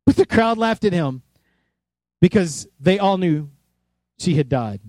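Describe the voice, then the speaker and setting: A man preaching a sermon in a church, animated, acting out voices and sounds as he tells the story. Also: high-pitched, measured pace, dry recording, studio quality. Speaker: pastor.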